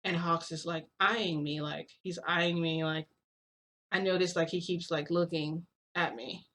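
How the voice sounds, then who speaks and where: A woman's voice: fairly low pitch, steady tone, measured pace, fairly bright tone. Rambling woman telling a story. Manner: rambling, heavy with "like" and "um" fillers. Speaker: vlogger recounting a shifting story. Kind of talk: casual storytelling.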